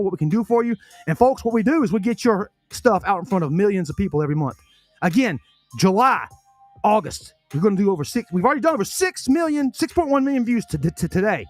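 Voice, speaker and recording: A man's voice: high voice, no room sound. A man hosting a casual podcast, reading sponsor spots in a folksy, chatty way, often correcting himself and talking while chewing food. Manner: chatty, folksy, self-correcting salesman patter.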